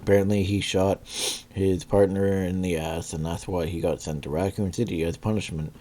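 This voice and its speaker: Male reviewer, deep mellow voice, loose rambling delivery full of ums, frequent coughs. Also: fairly even intonation, normal speed. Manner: rambling, many fillers and restarts; clears throat and coughs often. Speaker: movie reviewer. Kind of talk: casual spoken review.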